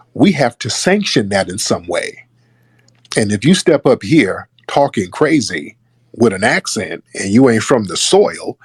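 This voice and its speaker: A man's voice: mid-range voice, husky, dry recording. A man giving casual political commentary, emphatic and scornful. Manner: emphatic, scornful, mimics others. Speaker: online commentator.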